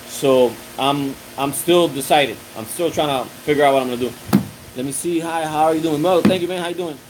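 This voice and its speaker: A man's voice: a little high, brisk, background noise. Chatty man on a casual live stream. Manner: rambling, loose and friendly, full of restarts and fillers. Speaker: livestream host answering viewer chat. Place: outdoors on a windy day.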